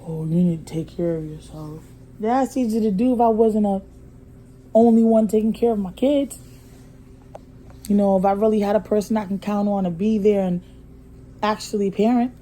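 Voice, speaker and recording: Profane, dark-voiced woman vlogger. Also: mid-range voice, slight background noise, poor audio. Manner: blunt and profane, swings from hushed to heated. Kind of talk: casual storytime vlog. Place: motel room.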